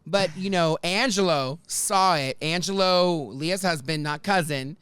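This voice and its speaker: A man's voice: high-pitched, a little slow, clear, resonant tone, no room sound, studio quality. A man hosting a podcast, telling a story in casual chat, acting out the voices and swearing freely. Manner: animated, swears freely, acts out quoted voices. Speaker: podcast host.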